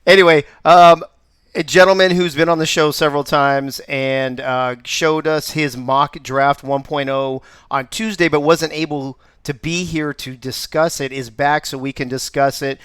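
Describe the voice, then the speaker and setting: A man's voice: a little high, steady tone, a little slow, a bit bright, clean tone, no echo, studio quality. A man hosting a live show in an upbeat, joking way. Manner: upbeat, joking, laughs often. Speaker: host.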